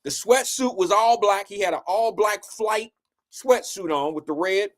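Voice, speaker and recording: High-voiced man telling a story, loose, profane. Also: a little slow. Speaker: show host telling a story. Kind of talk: casual storytelling.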